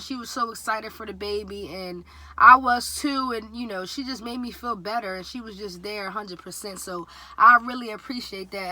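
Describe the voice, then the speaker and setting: A young woman in her twenties telling a casual storytime vlog, chatty and animated, slipping into a higher voice when quoting her dad. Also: no room sound. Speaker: vlogger.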